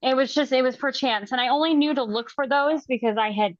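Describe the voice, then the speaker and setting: A woman's voice: sits high, fairly quick, no echo. A woman chats at length, winding through her points with trailing restarts. The sound is muffled and lo-fi, dry and close. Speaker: guest. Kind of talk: casual chat.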